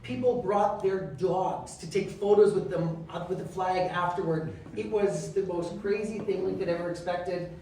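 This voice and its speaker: A man's voice: high voice, normal speed, hardly any pauses. Man telling stories in an echoey hall. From Canada. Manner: animated, acts out quoted dialogue. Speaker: guest speaker, member of parliament. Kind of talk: storytelling talk. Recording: echoey and distant, faint noise.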